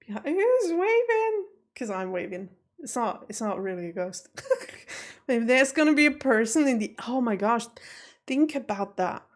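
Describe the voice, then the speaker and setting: A woman's voice: a little high, normal speed. A woman reacting to a TV episode from her home office at night, rambling through question after question with nervous laughs; English is not her first language. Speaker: reaction video host. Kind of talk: casual chat to camera.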